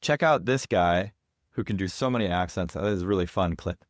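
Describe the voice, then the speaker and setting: A man's voice: sits low, brisk, no echo. A man teaching horn in an online lesson, explaining ideas in an earnest, careful way. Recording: dry, close sound.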